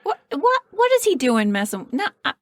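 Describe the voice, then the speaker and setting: A woman's voice: sits high, wildly swooping pitch, moderate pace, no room sound, clean studio sound. A woman co-hosting a podcast, chiming in with short teasing remarks. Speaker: podcast co-host. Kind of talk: casual chat.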